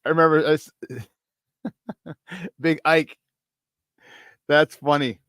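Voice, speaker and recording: A male sports radio host with a slightly higher voice, talking fast and energetically and laughing often. He hypes up the show and tells stories from his own playing days. The sound is dry and close, with no room behind it. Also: steady tone, fairly bright tone, clean tone, no room sound. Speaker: former football player. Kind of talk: casual sports talk monologue.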